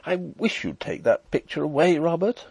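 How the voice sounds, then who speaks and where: A prim young lady of good society, strict and easily vexed, as a male reader puts her on. Her lines jump high and sharp in a scolding tone, with a husky edge, recorded close and dry. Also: wildly swooping pitch, moderate pace, no room sound, heavily acted. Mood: reproachful.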